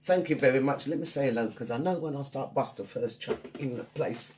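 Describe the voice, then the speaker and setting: A woman's voice: extremely low pitch, fairly quick, a little mellow, slight background noise. A woman hosting a live online radio show, chatting upbeat and greeting listeners by name. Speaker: radio DJ and host.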